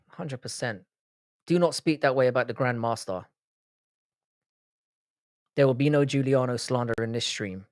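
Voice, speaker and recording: A man's voice: medium pitch, normal speed, pauses often, dry recording, clean studio sound. A young man hosting a live stream, casually bantering with chat, swearing freely and often restarting his sentences. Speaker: livestream host.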